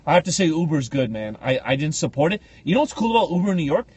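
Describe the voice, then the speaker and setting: Comedic podcast co-host, male, husky and high-voiced, very lively delivery, dry close sound. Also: rapid-fire, dry recording. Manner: animated, jumps into high squealing voices for quoted people. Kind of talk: comedic storytelling chat.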